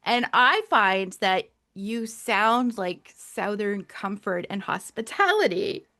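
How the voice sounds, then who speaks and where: A woman hosting a casual podcast interview. Her voice is bright and clear at a middle pitch, and she sounds encouraging as she leads her guest with questions. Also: expressive, slow. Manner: encouraging, asks leading questions. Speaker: podcast host.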